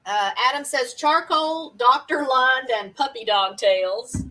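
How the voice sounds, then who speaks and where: Bright high-voiced woman hosting a stream. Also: slow, recorded from a distance, rough recording. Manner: chatty, reads viewer comments aloud, laughs often. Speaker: live stream host. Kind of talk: casual live-stream game hosting.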